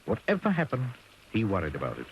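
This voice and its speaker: A man reading a children's storybook aloud in an expressive, playful way, sometimes speaking to the listener. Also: lowish voice, fast talker, highs cut off, heavy background noise.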